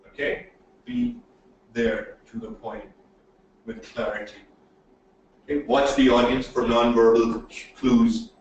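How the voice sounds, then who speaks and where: A man teaching presentation skills in a webinar, animated and emphatic, checking in with "okay?" often. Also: medium pitch. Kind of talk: webinar lecture. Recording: very echoey room audio from a distance, faint noise.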